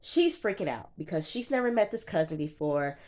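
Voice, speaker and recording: Brief: a deep-voiced woman, sassy chatty TV recap host talking to the viewer. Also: sing-song, brisk, darkish tone. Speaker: TV reviewer. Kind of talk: casual reality-show recap.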